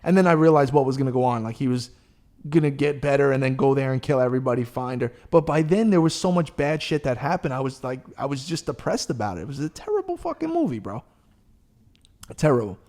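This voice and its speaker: A man hosting a podcast, chatting casually and telling a long story in a rambling, profane, animated way. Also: medium pitch, fast. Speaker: podcast host. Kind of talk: casual chat.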